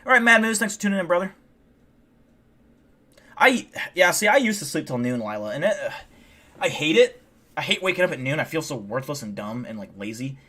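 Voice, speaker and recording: A man's voice: fairly high pitch, sing-song, brisk, long pauses, bright, forceful tone. A man hosting a livestream, tired and a bit drunk, chatting casually in a rambling, profane way with lots of restarts. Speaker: livestream host.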